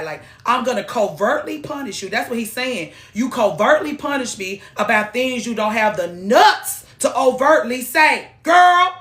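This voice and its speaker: A woman giving blunt, profane, animated relationship advice on a live stream. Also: on the high side, echoey room.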